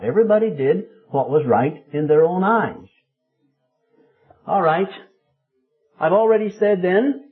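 A man in his fifties preaching a sermon, telling a story and rising to loud, emphatic peaks. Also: on the high side, breathy edge. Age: 50s. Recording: tinny phone-like sound.

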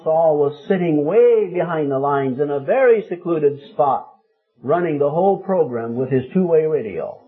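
A man in his fifties preaching a sermon, telling a story and rising to loud, emphatic peaks. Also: on the high side, slightly rough. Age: 50s. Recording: tinny phone-like sound.

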